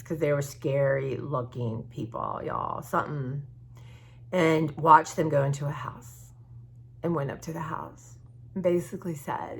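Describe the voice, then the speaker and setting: A woman's voice: deep voice, vocal fry, fairly bright tone, a little hiss or hum. A woman vlogging about her art journaling, chatting to her viewers in a rambling, open-hearted way, with many restarts. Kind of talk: casual chat to viewers. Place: at home.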